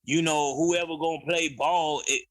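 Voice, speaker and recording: Blunt, high-voiced man telling it straight. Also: normal speed. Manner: blunt, profane, animated storytelling. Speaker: podcast guest. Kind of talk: casual chat.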